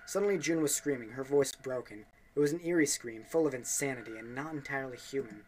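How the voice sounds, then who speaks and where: A man's voice: mid-range voice, quick pace, a little hiss or hum. A young man reading a game's story text aloud for a let's play, with offhand asides and small slips.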